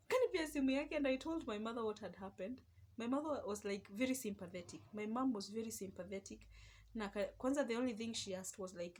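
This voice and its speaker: Animated young Kenyan woman telling a story. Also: a little high, fairly quick. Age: young adult. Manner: animated, mixes Swahili and English. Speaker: vlogger. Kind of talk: casual storytelling.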